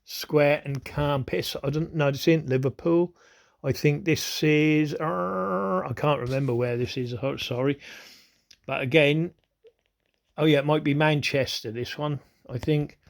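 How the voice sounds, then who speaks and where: A man's voice: a little high, unhurried, creaky. A man, hosting his own video in a rambling, profane monologue that keeps asking "you know what I mean". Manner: grows agitated and heated. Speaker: video host.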